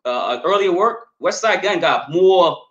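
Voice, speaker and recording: A man co-hosting a podcast, chatting casually and quickly, often repeating words and asking "you know what I'm saying". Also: sits high, animated, muffled recording. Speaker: podcast co-host reviewing albums. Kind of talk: casual chat. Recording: echoey room.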